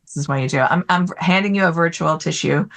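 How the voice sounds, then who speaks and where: A woman's voice: low-pitched, fast talker, gravelly. A woman journalist interviewing an author onstage, supportive, with hesitant phrasing.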